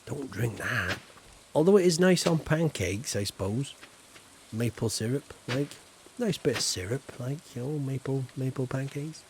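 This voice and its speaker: A man's voice: medium pitch, animated, moderate pace, background noise. A man from Yorkshire with a southern English accent, chatting playfully to his viewers while streaming a farming game. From Yorkshire, England. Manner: chatty, playful, talks straight to chat viewers. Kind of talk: casual live-stream chat while gaming.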